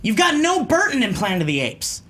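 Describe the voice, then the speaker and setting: A man's voice: very high-pitched, huge pitch swings, fairly quick, heavy background noise. Punchy man trading one-liners. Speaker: panelist. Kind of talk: heated comedic debate.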